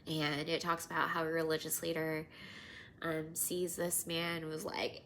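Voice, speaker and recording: A woman in her thirties hosting a podcast, telling personal stories in an animated, casual way, sometimes dropping to near-whispers. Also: deep voice, moderate pace. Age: 30s. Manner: animated, drops to near-whispers and laughs often. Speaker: podcast host.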